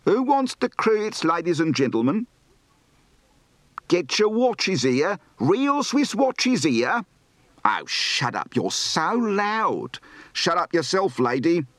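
A man putting on a London Yiddish accent as loud market hawkers who drag out their sales calls, for an accent demonstration. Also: sits high, big pitch swings, no echo, pitched above the performer's own voice, exaggerated voice. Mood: brash. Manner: drawn-out, shouted sales calls.

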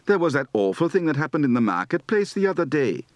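A man's voice: fairly high pitch, very animated, fast talker, dry recording. Dialect coach, male, Welsh accent drills, lilting up-and-down melody, dry close sound. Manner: sing-song falling and rising lilt.

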